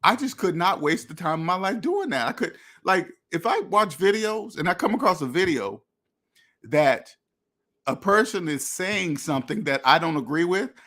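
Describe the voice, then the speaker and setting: Blunt, lecturing man, slightly high voice. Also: expressive, moderate pace, bright, forceful tone. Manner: blunt, repetitive, lecturing, with many restarts. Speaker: finance channel host. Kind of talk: direct-to-camera rant.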